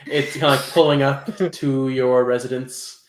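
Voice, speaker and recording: A man's voice: medium pitch, normal speed, over a noisy crowd. A man casually narrating scenes as the game master of a tabletop role-playing game. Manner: relaxed, casual narration with fillers. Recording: roomy echo.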